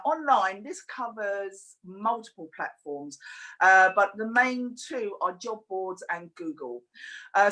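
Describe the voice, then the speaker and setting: A woman's voice: mid-range voice, fairly bright tone, rough recording. A woman hosting an online webinar over a video call, chatty and practical, with filler words. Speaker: webinar host.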